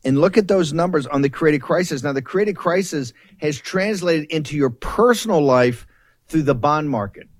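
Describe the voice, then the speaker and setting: A man's voice: a little high, animated, normal speed, dry recording. A male talk-show host who speaks emphatically and keeps repeating key phrases. His voice sits dry and close to the mic, with no room sound around it. He cuts in on his guest. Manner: emphatic, repetitive, interrupts guest.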